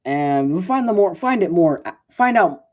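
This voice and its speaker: A man's voice: sits high, lively intonation, unhurried, a little mellow. A man giving a casual movie review, rambling with lots of "like" and fillers and often correcting himself, on a dull lo-fi recording. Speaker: film reviewer.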